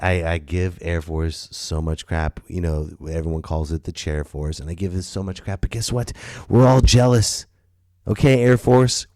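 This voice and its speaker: A male comedian talks through a loose podcast monologue in a lowish voice, rambling and lively, with profanity and stumbles. The sound is dry and close, with no room around it. He jumps from story to aside with animated emphasis. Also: no echo. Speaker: stand-up comedian and podcast host.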